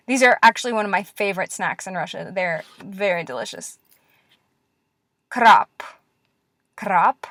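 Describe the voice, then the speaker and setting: A woman teaching Russian letters in a classroom-style lesson, patient and encouraging, repeating words slowly. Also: mid-range voice, a bit bright, no echo, clean studio sound.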